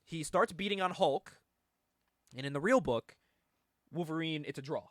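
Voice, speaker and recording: A man hosting a casual podcast about comics, animated and rambling, laughing often. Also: a little high, normal speed, dry recording, clean studio sound. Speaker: podcast host.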